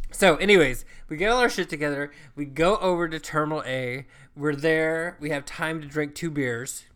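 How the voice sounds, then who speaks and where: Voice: mid-range voice, moderate pace, fairly bright tone. A co-host telling a travel story in casual chat, swearing freely and acting out what people said. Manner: profane, chatty, acts out quoted lines.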